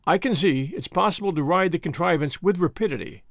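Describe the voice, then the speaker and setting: A man voicing a grave, formal general who speaks deliberately. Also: high voice, gravelly, a bit bright, no room sound, clean studio sound. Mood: stern. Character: stern, measured male general, middle-aged.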